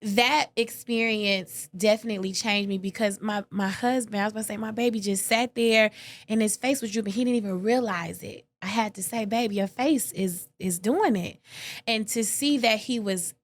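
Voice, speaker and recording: A woman guest talking openly in an interview, animated and emotional, with casual slang and quoted lines that leap up in pitch. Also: moderate pace. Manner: animated, expressive, acts out quoted lines with sudden high pitch. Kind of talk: candid conversational interview.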